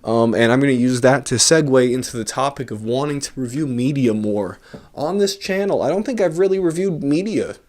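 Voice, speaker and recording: A man's voice: mid-range voice, a little fast, a little mellow. A man ranting casually in his own vlog, rambling and self-mocking with a sarcastic edge, into a large studio microphone. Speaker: vlogger.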